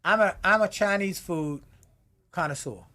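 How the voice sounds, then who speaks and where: Loud, animated man telling a story. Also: high voice, moderate pace. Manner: loud, playful, laughing as he tells stories. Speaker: guest author and speaker.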